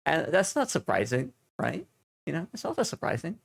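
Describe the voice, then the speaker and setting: A man with a Finnish accent, a native Finnish speaker, chatting casually with his stream chat into a desk microphone at home, with halting English full of fillers. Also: on the high side, very animated, gravelly. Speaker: livestream host.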